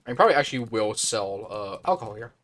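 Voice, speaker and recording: A man's voice: fairly low pitch, fast talker. Man musing while he builds. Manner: relaxed, thinking aloud with fillers. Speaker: streamer. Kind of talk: casual live-stream building commentary.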